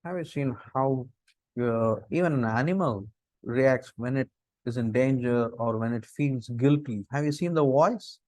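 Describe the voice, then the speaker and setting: A middle-aged man with an Indian English accent gives a lecture on interview skills. His voice sits in a middle pitch and swings up to stress key words, and he keeps firing rhetorical questions. The sound is dry and close, with no room echo. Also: unhurried, a little mellow. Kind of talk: lecture on interview body language.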